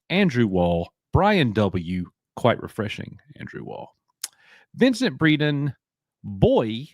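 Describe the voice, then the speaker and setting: A man's voice: fairly low pitch, darkish tone, no room sound, clean studio sound. A man from Alabama with a Southern accent, hosting a casual live stream, joking and bantering as he reads names from chat.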